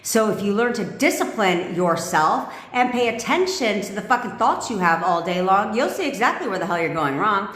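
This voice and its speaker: A woman's voice: medium pitch, very animated, moderate pace, few pauses, a bit bright. Blunt, profane woman in a roomy echo. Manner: blunt, profane, laughs often. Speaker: manifestation coach. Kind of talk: casual livestream rant.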